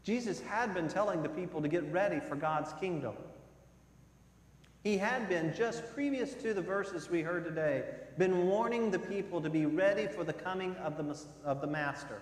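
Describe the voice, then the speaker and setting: A male pastor preaching in a church sanctuary, his voice sitting a little high for a man. He swings from loud, stressed phrases down to soft, low ones. The sound carries a long, echoey church-hall reverb. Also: moderate pace. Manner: dramatic swings between loud emphasis and soft, low passages. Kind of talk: sermon.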